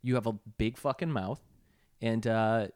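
A man in casual podcast chat, talking in an animated, mocking way and swearing often. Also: on the low side, measured pace, no room sound, clean studio sound. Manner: animated, profane, mocking impressions. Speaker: podcast co-host.

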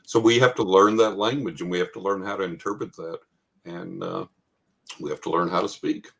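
A man's voice: sits low, fairly even intonation, fairly quick, gravelly, fairly bright tone, breathy edge. A man chatting casually about spiritual matters, telling stories and laughing often.

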